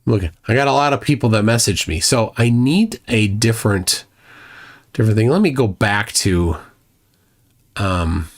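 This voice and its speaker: A man's voice: lowish voice, moderate pace. A man from Minnesota with a Minnesotan accent, chatting casually on a live stream in a rambling way and reading chat messages aloud. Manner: rambling, reads chat aloud, many restarts.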